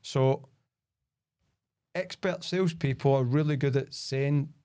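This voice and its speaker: A man's voice: mid-range voice, slow, warm tone, clear, resonant tone, dry recording, studio quality. A middle-aged Scottish man, a sales expert guest, talking in a casual podcast conversation and telling stories full of "like" and "right?". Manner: chatty storyteller, peppered with "like" and "right?".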